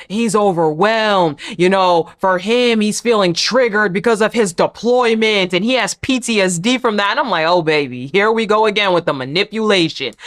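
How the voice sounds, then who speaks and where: A woman hosting a casual, opinionated reality show recap, sassy and quick to act out what people said. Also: mid-range voice. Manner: sassy, animated, acts out quotes.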